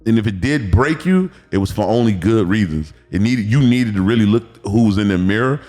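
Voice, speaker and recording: A man, a former football player telling animated, profane stories as a podcast guest. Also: on the low side, brisk. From Miami, Florida. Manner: animated storytelling, acts out quotes, profane. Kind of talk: casual podcast interview.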